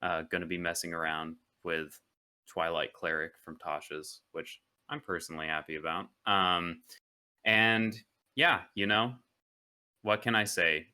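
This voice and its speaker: Male player, deep voice, slow delivery, wry and relaxed, smooth tone. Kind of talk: casual chat.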